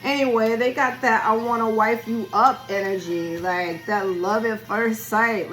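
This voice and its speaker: A woman's voice: a little high, fairly even intonation, unhurried, few pauses, fairly bright tone, poor audio. A woman giving a casual spiritual card reading, chatty and loose with her words, talking straight to the listener and losing her voice. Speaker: tarot reader. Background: music playing.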